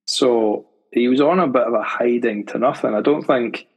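A man co-hosting a football podcast, making his case in a steady, measured way. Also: medium pitch, breathy edge. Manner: measured, argues a point steadily. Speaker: podcast co-host. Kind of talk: casual football chat. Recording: long reverb on the voice.

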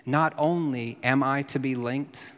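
A man preaching a sermon, teaching in a lively way and dropping to a hushed voice for quotes. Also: medium pitch, measured pace, big-room sound. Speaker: pastor.

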